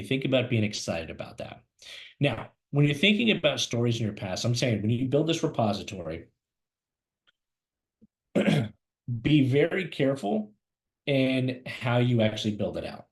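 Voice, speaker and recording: A fast-talking man coaching job seekers straight to camera. He speaks with an animated, emphatic energy, pushing his points hard. His pitch sits in an ordinary middle range. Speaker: career coach. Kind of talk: energetic instructional talk to camera. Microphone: camera mic, speaking to camera.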